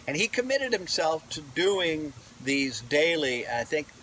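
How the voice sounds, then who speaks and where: A man's voice: fairly high pitch, big pitch swings, measured pace, sharp tone, slight background noise, low-quality recording. A man, vlogging casually outdoors into his camera mic, digressive, with many fillers and restarts. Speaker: vlogger and audiobook narrator. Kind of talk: casual rambling vlog talk. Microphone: camera mic, no wireless mic.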